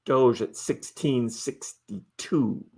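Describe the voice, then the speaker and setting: A man's voice: mid-range voice, slow pace, a little mellow, breathy edge, faint music behind. A middle-aged man hosting a casual live stream, chatting loosely with his viewers, reading their messages aloud and laughing often. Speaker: livestream host.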